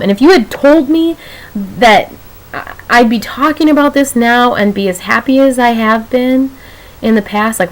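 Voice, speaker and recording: Young woman, vlogger, slightly high voice, rambling, emotional, laughs often. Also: poor audio. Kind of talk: casual vlog monologue.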